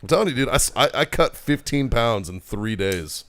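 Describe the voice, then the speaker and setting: A man's voice: mid-range voice, animated, moderate pace, a bit bright. A man co-hosting a podcast, chatting in a laid-back way and swearing a lot. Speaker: podcast co-host. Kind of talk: casual chat.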